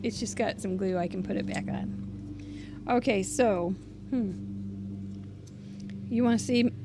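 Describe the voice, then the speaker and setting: A woman hosting a crafting video, chatting casually and thinking aloud as she shows cards, often trailing off softly. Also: mid-range voice, slow pace, background noise. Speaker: crafting channel host. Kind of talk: casual crafting show-and-tell.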